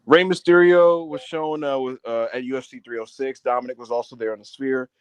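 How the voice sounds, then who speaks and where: This man co-hosts a laid-back podcast reviewing wrestling, recounting scenes in a lively way with acted-out quotes and heavy profanity. He speaks at a fairly quick pace in a medium pitch, and the tone is clean without any room sound.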